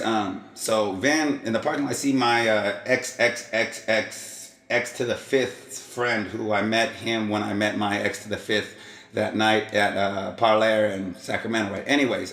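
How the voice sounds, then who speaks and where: A man's voice: fairly low pitch, fairly bright tone, reverberant. A man hosting his own vlog, casually telling a rambling story and acting out quotes and sound effects. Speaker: vlog host.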